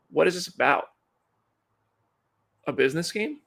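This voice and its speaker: Gravelly-voiced man hosting a live stream. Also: medium pitch, a little fast, fairly bright tone. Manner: rambling, chatty, self-deprecating. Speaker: livestream host. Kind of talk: casual live commentary.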